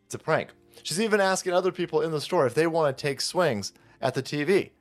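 A man's voice: on the high side, lively intonation, fairly quick, soft background music. A man hosting a reaction video, delivering a profane, mocking comedic rant. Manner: mocking, sarcastic, swears constantly.

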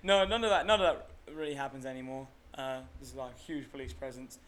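A man's voice: medium pitch, steady tone, a bit bright, a little hiss or hum. A man with a London accent, co-hosting a casual podcast and chiming in eagerly. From London, England. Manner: chatty, quick to chime in and laugh along. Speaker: podcast co-host. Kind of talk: casual chat.

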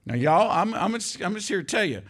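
A man's voice: high voice, big pitch swings, brisk, fairly bright tone. An older man preaching a sermon, emphatic and conversational, often calling out to the congregation. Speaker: pastor.

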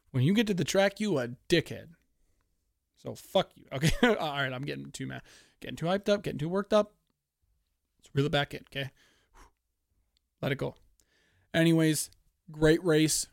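A man from Canada hosting a podcast, chatting casually in a profane, excitable, rambling way on a headphone-wearing podcast setup. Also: mid-range voice, smooth, no echo, studio quality. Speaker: podcast host. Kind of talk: casual chat. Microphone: headphones, podcast mic.

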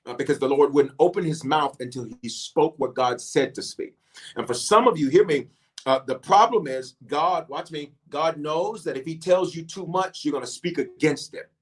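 A man leading an online prayer service, preaching fervently with repeated call-outs to his listeners. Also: fairly high pitch. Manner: fervent, repetitive, calls out "watch me" and "y'all". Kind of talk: preaching and praying to an online audience.

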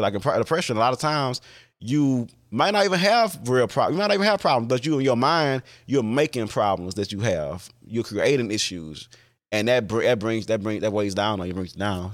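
Speaking alone on his podcast, a man with a medium-pitched voice talks fairly quickly in a candid, casual way. He uses lots of fillers and restarts and swears casually.

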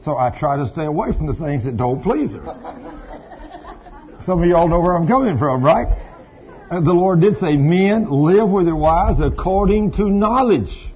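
Man, preaching, folksy storyteller, highish voice, muffled lo-fi recording. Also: expressive, moderate pace, a faint crowd. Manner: folksy, storytelling with laughs and asides to the congregation. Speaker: pastor. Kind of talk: sermon. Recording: dull lo-fi sound with faint ambience.

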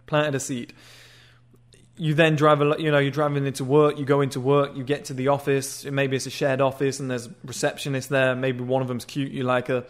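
A man's voice: mid-range voice, little pitch movement, a little fast. A man giving dating advice in a blunt, crude, casual monologue, sometimes acting out short greetings.

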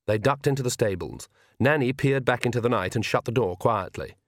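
A man narrates an audiobook in a middle-pitched, measured voice. The recording is dry and close, with no room sound. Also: no echo. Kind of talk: scripted narration.

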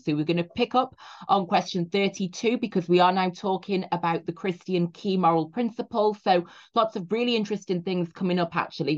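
A woman teaching a revision lecture in a chatty way, full of "you know" asides, slowing down to stress key points. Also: fairly low pitch, highs cut off.

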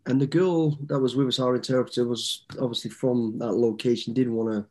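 A man's voice: medium pitch, fairly even intonation, a little fast, warm tone. A man in his fifties, a guest telling easygoing, rambling stories with frequent restarts. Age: 50s. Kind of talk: casual storytelling interview.

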